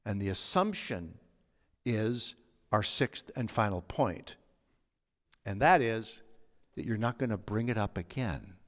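A middle-aged man preaching a sermon as a pastor, earnest and anecdotal, moving between emphatic points and soft, quiet asides. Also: fairly low pitch, expressive, takes it slowly, long pauses. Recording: long hall reverb.

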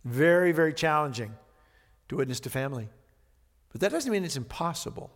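A man preaching with a slightly high voice, reading scripture with dramatic emphasis before dropping into an easy, conversational aside. His sermon rings out through a large church hall with a long reverb tail. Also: animated, a little fast. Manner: conversational, reads scripture dramatically then comments. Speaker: pastor. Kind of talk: expository sermon.

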